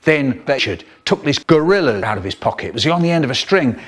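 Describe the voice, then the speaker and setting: An older man telling a funny school story in an animated, expressive way, acting out the voices and noises. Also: a little fast, hardly any pauses, a little hiss or hum. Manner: expressive, acts out voices and sounds, lively swings in pitch.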